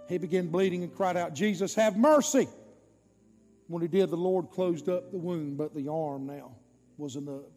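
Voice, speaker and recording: A male preacher with a high voice tells a story during his sermon, lurching dramatically from loud peaks to hushed drops. A long church-hall reverb trails his words, and faint music plays underneath.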